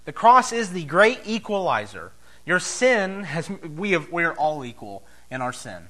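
A man preaching a sermon as pastor, emphatic, swinging between loud declarations and soft, low asides. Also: big pitch swings, measured pace.

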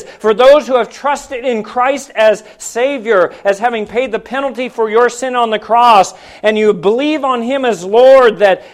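High-voiced preacher, emphatic and varied. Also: male voice. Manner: preaching with rhetorical questions to the congregation; swings between loud emphatic lines and hushed quiet ones. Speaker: pastor. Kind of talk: sermon.

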